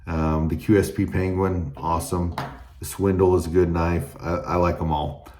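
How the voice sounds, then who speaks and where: A man casually reviewing knives, relaxed and rambling with lots of ums and restarts. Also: deep voice, normal speed. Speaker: knife reviewer. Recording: noticeable background noise.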